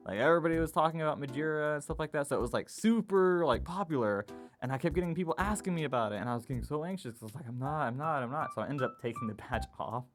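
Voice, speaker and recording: A young man in his twenties casually telling a personal story, acting out what people said in a raised, animated voice. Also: on the high side, very fast. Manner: animated retelling, acts out quotes in a raised voice. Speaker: vlogger. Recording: guitar music playing behind. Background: guitar music.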